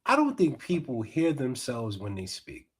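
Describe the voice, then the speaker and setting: A man hosting a podcast, giving animated, mocking reaction commentary. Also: medium pitch, normal speed, slightly rough. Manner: animated, mocking, swings between mutters and outbursts. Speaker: podcast host.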